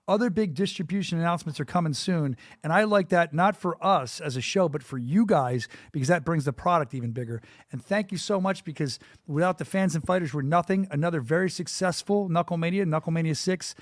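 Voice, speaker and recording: Fast-talking enthusiastic male podcast host. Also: fairly high pitch, dry recording, clean studio sound. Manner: quick, enthusiastic, rambling with restarts. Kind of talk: casual podcast chat. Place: studio.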